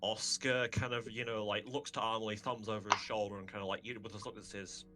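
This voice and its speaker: A man's voice: on the low side, fairly even intonation, quick pace, over music. A man playing a tabletop game, describing his character's actions in a rambling, filler-heavy way with frequent laughs. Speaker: player.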